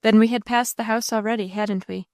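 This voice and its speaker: A woman voicing a gentle, patient young woman who speaks softly and reassuringly, in an audiobook reading. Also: a little high, fairly even intonation, a little fast, dry recording, clean studio sound, natural voice. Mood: tender, weary. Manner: soft, reassuring, earnest.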